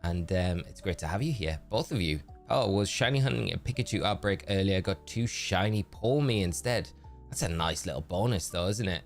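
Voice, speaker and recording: Male streamer, deep voice, chatty and thinking aloud, faint game music behind. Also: lively intonation, moderate pace. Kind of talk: casual game commentary.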